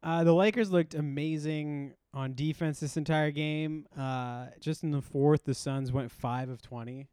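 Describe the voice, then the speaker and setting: A man on a casual sports podcast, reading off game stats with dry, wry asides. His voice sits a little high and comes across smooth and clean on a close mic. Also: steady tone, a little slow, few pauses, darkish tone, dry recording. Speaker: podcast co-host.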